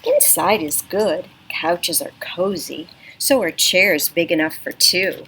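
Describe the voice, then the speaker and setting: A woman's voice: fairly low pitch, slow, a little hiss or hum, poor audio. A woman librarian reading a picture book aloud to children on a front porch, coaxing and teacherly, recorded on a computer. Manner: animated, teacherly, coaxing young listeners. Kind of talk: children's storytime read-aloud. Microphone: computer webcam. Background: neighborhood sounds.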